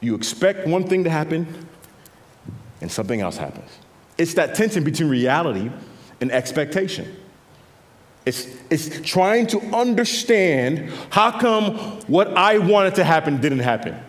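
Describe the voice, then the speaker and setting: A man preaching a sermon as pastor, swinging between quiet intimate passages and louder emphatic lines, often repeating words as he builds a point. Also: fairly high pitch, a little slow. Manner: animated preaching, drops to quiet intimate tones and rises for emphasis. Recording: long reverb of a large hall.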